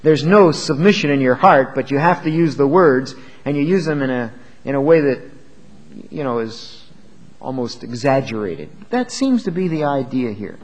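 A man's voice: mid-range voice, lively intonation, moderate pace, long reverb tail, rough recording. A man preaching a sermon in an emphatic, conversational way, asking his listeners questions as he explains a Bible passage.

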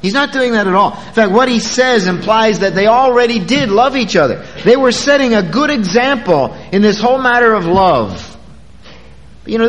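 A pastor preaching to his congregation in a high, lively voice that swoops up and down. He talks to them conversationally, drawing out important words for emphasis. A long reverb from the church sanctuary hangs behind him. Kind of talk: sermon.

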